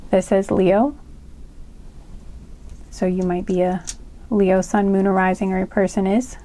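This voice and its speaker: A young woman does a casual tarot card reading, chatty and full of "um" and "like", and she's giggly, breaking into laughing fits. She speaks unhurriedly in a level, mellow tone at medium pitch.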